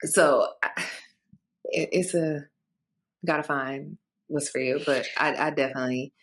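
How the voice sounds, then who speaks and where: A woman's voice: low voice, unhurried. A woman co-hosting a podcast in casual chat, blunt and swearing freely, acting out quoted reactions in different voices. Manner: animated, acts out quoted reactions in varied voices. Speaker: podcast co-host.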